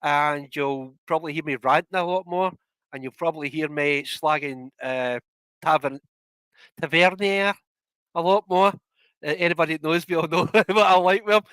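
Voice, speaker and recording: A man's voice: on the high side, normal speed, a bit bright, clear, resonant tone, no echo, low-quality recording. A man with a Scottish accent chatting as a podcast guest, laughing often and breaking into rants. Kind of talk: casual podcast chat.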